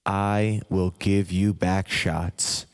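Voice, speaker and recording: Smug older politician, low and slow, played by a man, long echoey reverb. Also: flat delivery, clean tone. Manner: slow, drawn-out delivery.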